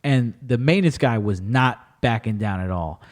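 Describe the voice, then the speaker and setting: A man hosting a podcast, chatting casually and telling animated stories with plenty of swearing. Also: mid-range voice, moderate pace. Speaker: podcast host. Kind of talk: casual chat.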